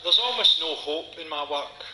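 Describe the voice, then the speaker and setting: A Scottish man in his forties doing a stand-up comedy set, with a dry, sardonic delivery and dark punchlines. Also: a little high, lively intonation, normal speed. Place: comedy venue before a live audience. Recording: echoey venue with audience noise.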